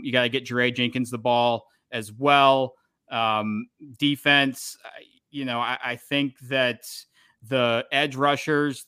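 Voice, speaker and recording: A man hosting a podcast, giving opinionated, animated takes in casual chat. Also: mid-range voice, smooth, no echo, studio quality. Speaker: podcast host.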